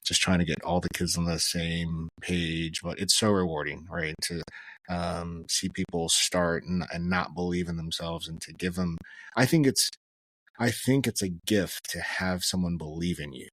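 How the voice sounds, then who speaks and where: A man with a very low voice talks earnestly on a podcast, pausing with fillers as he reflects. The sound is dry and close, with no room around it. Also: steady tone, a bit bright, no room sound. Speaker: podcast guest, former special forces soldier and chaplain. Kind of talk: casual interview talk.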